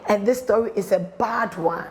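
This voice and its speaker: A woman pastor and marriage counsellor with a Ghanaian accent preaches a sermon on letting go of pain. Her voice is medium in pitch and normal in speed, with slight background noise, as she earnestly pleads and repeats her points in a repetitive exhortation.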